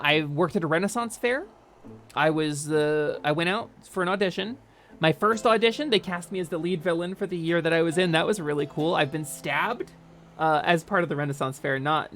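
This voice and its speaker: A woman from North New Jersey with a North Jersey accent, chatting frankly to her stream audience with lots of fillers and restarts. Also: sits low. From North New Jersey, United States. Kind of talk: candid chat during a game stream.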